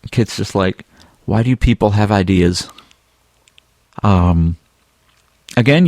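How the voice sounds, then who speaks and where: A man co-hosting a podcast, relaxed and chatty with plenty of ums and uhs. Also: fairly low pitch, no echo, clean studio sound. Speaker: podcast co-host. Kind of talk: casual podcast chat.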